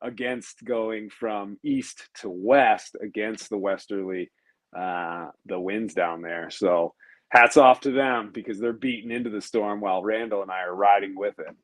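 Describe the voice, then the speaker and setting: A professional racing sailor from the United States, with a fairly low voice on a dry recording, guests on a relaxed conversational podcast. He explains ocean routes thoughtfully, pausing frequently and saying "um" a lot.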